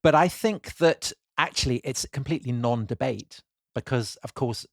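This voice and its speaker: A British man co-hosting a history podcast, explaining ideas in a thoughtful, measured way. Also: medium pitch, vocal fry, dry recording. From Britain. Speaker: podcast co-host. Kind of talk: casual history podcast chat.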